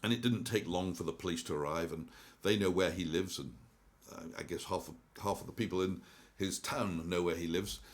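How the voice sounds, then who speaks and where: Deep-voiced older man, rambling talk. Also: fairly quick. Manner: rambling, with many ums and restarts. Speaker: investment commentator. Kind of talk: casual monologue.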